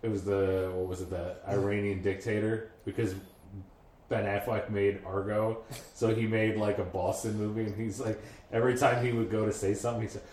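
A man's voice: lowish voice, little pitch movement, a little fast, darkish tone, slight background noise. A man co-hosting a podcast, rambling and swearing freely in casual crude banter. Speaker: podcast co-host. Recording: echoey room with faint ambience.

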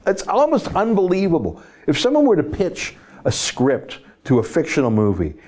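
A man's voice: a little high, huge pitch swings, moderate pace, a little mellow. A man hosting a political talk show, talking in an emphatic, exclamatory way. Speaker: host.

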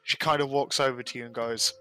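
A man narrating a tabletop game as game master, loose and relaxed with plenty of fillers. His voice sits in a middle pitch and sounds bright. Soft music plays beneath. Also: slow.

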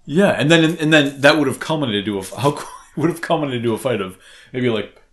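A man with a Boston accent co-hosting a casual podcast chat, excitable and rambling, often restarting his sentences. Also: medium pitch, quick pace. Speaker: podcast co-host.

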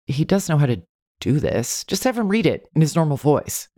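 A man's voice: on the high side, sing-song, moderate pace, dark tone, dry recording, clean studio sound. A man co-hosting a podcast in casual chat, musing and understated. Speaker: podcast co-host.

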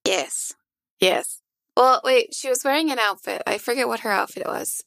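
A woman's voice: on the high side, normal speed, vocal fry, fairly bright tone, dry recording, studio quality. A woman playing in a tabletop game podcast, chatting playfully and joking around. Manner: playful, joking, laughs often. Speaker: player. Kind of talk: casual chat.

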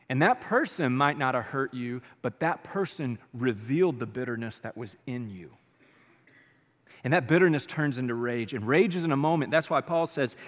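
A man preaching a sermon as pastor, talking to the congregation in a casual, conversational way. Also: mid-range voice. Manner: conversational and colloquial, addressing the congregation directly. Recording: long reverb of a large hall.

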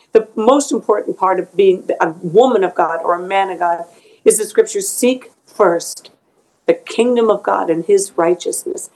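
A woman's voice: medium pitch, darkish tone, poor audio. A middle-aged woman being interviewed as an author, speaking earnestly and emotionally about faith, often repeating words as she goes.

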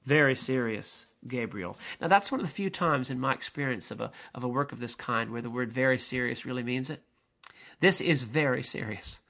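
A man's voice: mid-range voice, a little fast, gravelly, sharp tone. An older man giving a lecture on theology and drama, speaking hesitantly with many restarts.

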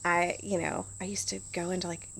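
A woman's voice: on the low side, fairly even intonation, fairly quick, fairly bright tone, slight background noise. A middle-aged woman talking casually as an interview guest, full of "like" and restarts. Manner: chatty, lots of "like" and restarts.

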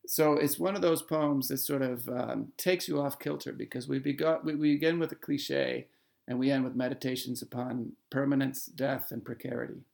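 A man explaining a poem in a playful, animated way in conversation, then reading verse slowly. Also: medium pitch, vocal fry. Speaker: literature scholar. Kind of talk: conversational discussion and poetry reading.

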